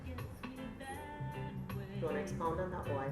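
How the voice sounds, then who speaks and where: A woman's voice: deep voice, steady tone, moderate pace, reverberant, music in the background. A woman interviewing guests in a casual, conversational way, prompting them with questions.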